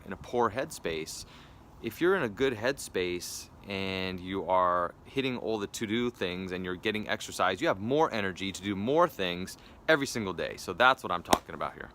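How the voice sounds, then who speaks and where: Upbeat, forceful male wellness coach. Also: low-pitched, a little hiss or hum. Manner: upbeat, persuasive, with casual fillers. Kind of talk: direct sales pitch to viewers.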